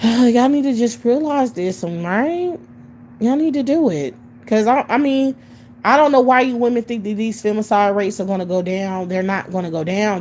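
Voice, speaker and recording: A woman's voice: mid-range voice, a little mellow. Woman streamer, mid-range voice, heated profane rant, rhetorical questions, faint hiss behind. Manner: repeats and restarts words when heated. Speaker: livestream host addressing her chat.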